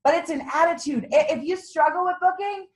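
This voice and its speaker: A woman's voice: very high voice, a little fast, low-quality recording. A woman leading a sales meeting, giving a bubbly motivational talk to a small group and laughing often. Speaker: team leader running a sales meeting.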